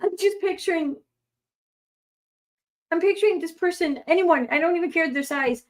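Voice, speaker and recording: A woman's voice: extremely high pitch, moderate pace. A young adult woman reading online posts aloud and adding rambling, sarcastic commentary full of fillers.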